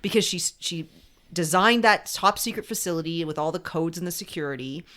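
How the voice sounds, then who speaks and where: A woman's voice: lowish voice, brisk, fairly bright tone. A woman on a podcast, chatting casually and thinking aloud about a TV episode. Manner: thinks aloud, building on points. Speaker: podcast co-host.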